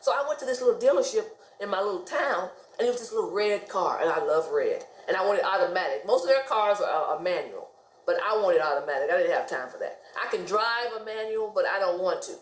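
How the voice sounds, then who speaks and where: A woman's voice: medium pitch, fairly quick, echoey room, slight background noise. A middle-aged woman from the United States telling stories casually to camera, chatty and laughing often. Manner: chatty, laughs often, animated quoted voices. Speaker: vlogger.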